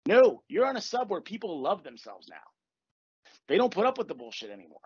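A man's voice: high voice, huge pitch swings, fairly quick, darkish tone, husky. A man hosting a casual podcast as a coach, talking bluntly with tough love and swearing. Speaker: podcast host and manifestation coach. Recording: dull lo-fi recording, dry.

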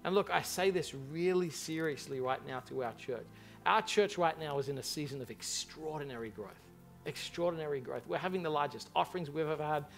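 A man preaching a sermon as pastor to a large church congregation, impassioned and animated in his storytelling. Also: on the high side, a little fast, gravelly, soft background music.

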